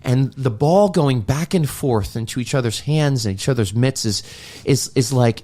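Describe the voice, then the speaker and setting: A man's voice: mid-range voice, animated, moderate pace, few pauses, dark tone. A man co-hosting a podcast, earnestly and reflectively retelling a movie scene in casual talk. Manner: earnest, reflective storyteller acting out quoted lines. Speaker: podcast co-host.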